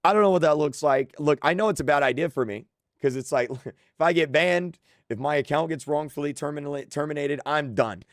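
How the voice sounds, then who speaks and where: A man's voice: on the high side, fairly quick, no echo, studio quality. A young man who creates content, ranting emotionally and frustrated, stumbling over his words and repeating himself. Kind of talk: emotional on-camera rant.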